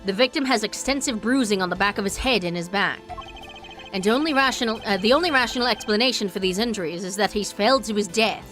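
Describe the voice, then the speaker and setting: A woman voicing a calm, pompous male prosecutor who lays out deductions in a measured, deliberate way. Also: medium pitch, soft background music, lightly acted.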